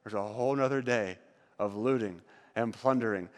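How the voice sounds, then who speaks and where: A man retelling a Bible story with volunteers, dramatic and swinging from excited to hushed. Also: lowish voice, moderate pace. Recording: reverberant hall.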